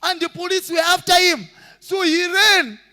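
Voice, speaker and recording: A male pastor preaching a sermon with passion, shouting and singing out phrases and acting out the people in his stories. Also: very high voice, steady tone, normal speed, long reverb tail. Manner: acts out voices of people in stories.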